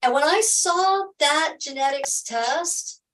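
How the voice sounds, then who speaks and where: A woman's voice: high voice, lively intonation, slow pace, a bit bright, far from the mic, poor audio. A middle-aged woman hosting a health livestream, telling a personal story to viewers in an emphatic way, repeating key phrases and laughing often.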